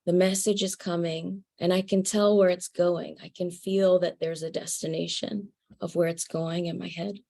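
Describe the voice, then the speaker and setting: A woman telling a personal spiritual story to an audience, earnest and halting, with fillers and soft laughs. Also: lowish voice, fairly even intonation, gravelly.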